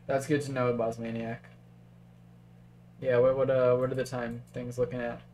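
A man's voice: medium pitch, monotone, normal speed, darkish tone, a little hiss or hum. Chatty male chess stream commentator. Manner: chatty, thinks aloud, reads chat. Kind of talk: casual live-stream commentary.

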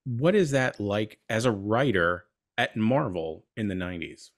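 Low-voiced male interviewer. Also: expressive, a little slow, dry recording, clean studio sound. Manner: curious, asks long rambling questions. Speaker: host. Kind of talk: interview questions.

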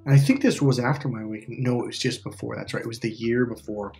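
A man's voice: mid-range voice, fairly even intonation, quick pace, creaky, darkish tone, faint music behind. Rambling, profane middle-aged man telling a story. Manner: rambling, profane, restarts often, voices other people in his story. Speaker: spiritual life coach. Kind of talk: casual storytelling monologue.

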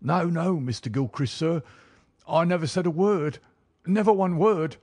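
Guy doing a scared servant man, high and pleading, dry sound. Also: huge pitch swings, normal speed, warm tone, breathy edge, no echo, full character voice. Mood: desperate. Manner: pleading, strained denials. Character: frightened, defensive male college servant. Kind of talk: audiobook character reading.

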